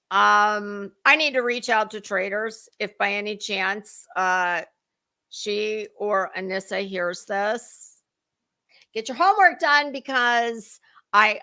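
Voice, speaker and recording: A woman's voice: mid-range voice, pushed and bright. A middle-aged woman, hosting a rambling livestream chat, greeting viewers by name and fighting a dry cough. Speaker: livestream host. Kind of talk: casual chat.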